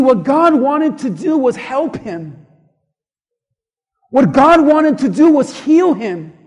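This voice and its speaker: A male pastor preaching a sermon, impassioned and emphatic, dropping to hushed tones at times, in a large church hall. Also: very high-pitched. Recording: long reverb of a large hall.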